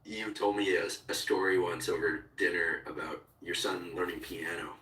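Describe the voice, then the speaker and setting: A low-voiced man hosts a relaxed interview, curious and plain-spoken. His voice sounds bright and forceful. The recording is roomy and a little off mic. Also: normal speed, far from the mic. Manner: curious, explains things plainly. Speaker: podcast host. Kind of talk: casual interview chat.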